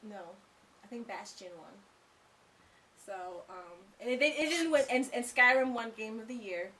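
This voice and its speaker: A woman's voice: on the high side, animated, moderate pace, a bit bright. Gushing woman, slightly far from the mic. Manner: gushing, enthusiastic, repeats herself. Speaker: co-host of a video game review. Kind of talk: casual chat.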